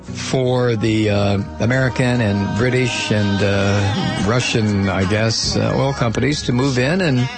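With music playing in the background, a man with a lowish voice hosts a talk show in an unhurried way. He reads the news hesitantly, full of fillers, and keeps interrupting himself with scornful, sardonic remarks.

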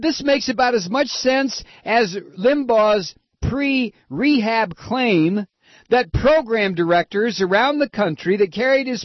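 Sarcastic, husky high-voiced ranting man. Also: no room sound. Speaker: radio commentary host. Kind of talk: sarcastic political commentary. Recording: dull, dry lo-fi sound.

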